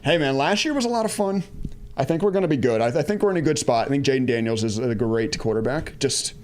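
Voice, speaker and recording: A man's voice: medium pitch, expressive, fast. Chatty man in his thirties live streaming. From United States, Washington DC area. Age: 30s. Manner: chatty and rambling, reads viewer chat and answers it; laughs at himself, goes off on tangents. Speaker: day-trading live streamer. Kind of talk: casual live-stream commentary.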